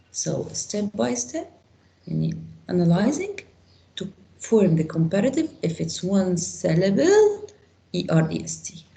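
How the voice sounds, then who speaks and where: A woman teaching an English grammar class online, explaining with slow example sentences and quizzing students. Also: medium pitch, creaky, dark tone.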